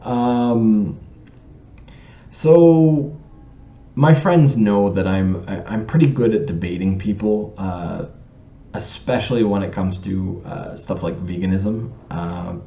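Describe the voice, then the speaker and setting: A man with a low, mellow voice rambles through a personal story, stopping to correct word choices and restarting his sentences. The recording sounds roomy and a little dull. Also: slow. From Canada. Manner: pedantic, digressive, with many ums and restarts. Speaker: vlogger telling a personal story. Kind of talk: casual storytelling to camera.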